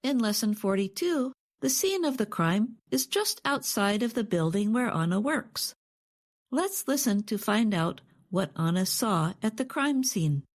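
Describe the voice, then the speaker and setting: Clear-voiced woman teaching English. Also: medium pitch, lively intonation. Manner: clear and measured. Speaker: English lesson co-host. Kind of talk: scripted English lesson.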